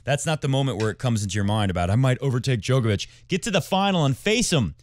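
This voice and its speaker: A man's voice: mid-range voice, expressive, fast, a little hiss or hum. Rambling male tennis podcast host. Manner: rambling, chatty, jumps between tangents. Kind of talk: casual tennis commentary.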